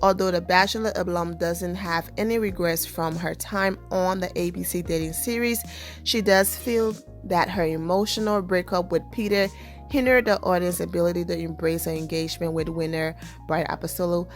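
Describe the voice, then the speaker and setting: A woman's voice: on the low side, steady tone, moderate pace, soft background music. A woman hosting an entertainment news vlog, reading celebrity news and then chatting casually with upbeat sign-offs.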